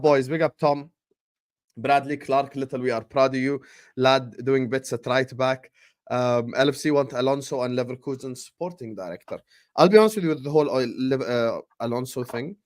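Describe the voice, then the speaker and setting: Man, podcast host, casual football chat, teasing, laughs often, mid pitch. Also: brisk. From Jordan.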